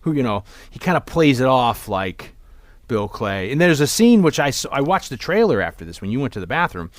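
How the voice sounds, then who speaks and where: A man co-hosting a film podcast in casual chat. He rambles with animated energy and keeps restarting his sentences. He sits close to a dry mic in a dead room. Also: medium pitch, brisk, no room sound. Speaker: podcast co-host. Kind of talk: casual movie discussion.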